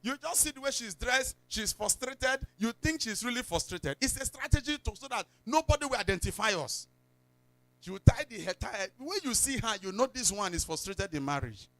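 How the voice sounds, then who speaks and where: With a very high voice and lively intonation, a Nigerian-accented pastor preaches in church at a moderate pace, telling stories, slipping into pidgin, and shouting without warning. There is no room sound.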